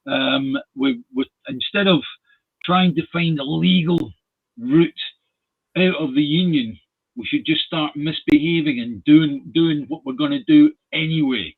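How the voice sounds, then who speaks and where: A man's voice: a little high, measured pace, vocal fry, breathy edge. A man hosting a casual political discussion. He speaks hesitantly, with many restarts. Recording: tinny phone-like line.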